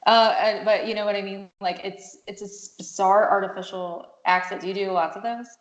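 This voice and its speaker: A woman's voice: medium pitch, fairly even intonation, normal speed. A woman hosting an interview, chatty and rambling, jumping between tangents. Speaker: interview host. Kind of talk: casual interview chat. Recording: roomy echo.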